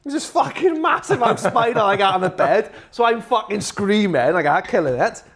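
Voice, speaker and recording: A man chatting on a podcast, spinning lively anecdotes and swearing freely as he acts out how he reacted. His voice sits a little higher than most men's. He plays out the moments as he tells them. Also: moderate pace. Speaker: podcast co-host. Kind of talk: casual chat.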